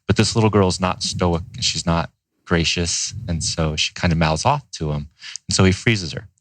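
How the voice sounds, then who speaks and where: Brief: deep, dry-miked man, relaxed storyteller guest on a podcast. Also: normal speed, no room sound, poor audio. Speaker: ice bath company co-founder.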